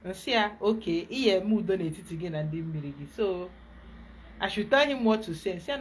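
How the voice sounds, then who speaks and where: A woman with a Nigerian accent, a spiritual guide giving an emphatic, animated teaching talk. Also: mid-range voice, moderate pace, slight background noise.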